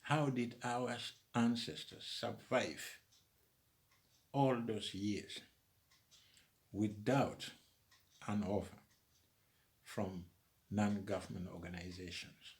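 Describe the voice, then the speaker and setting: A man's voice: on the low side, fairly even intonation, slow, long pauses. A man delivering an emphatic opinion monologue with a preaching cadence. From Uganda. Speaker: commentator.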